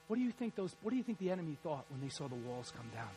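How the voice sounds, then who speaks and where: A man preaching a sermon as pastor, animated and rising to shouts. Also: fairly high pitch, quick pace, few pauses, music in the background, low-quality recording.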